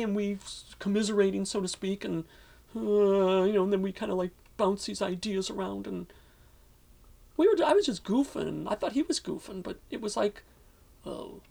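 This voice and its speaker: A man's voice: sits high, vocal fry, darkish tone. A man interviewee telling a long story in casual talk, rambling with many fillers and restarts.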